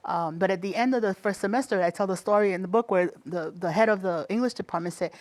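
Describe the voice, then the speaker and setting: A middle-aged woman with a Bronx accent, telling lively stories in an interview and often laughing. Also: mid-range voice, fast talker. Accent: Bronx New York. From the Bronx, New York. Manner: animated storyteller acting out quoted voices, laughs often. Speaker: guest, state commissioner. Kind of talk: conversational interview storytelling.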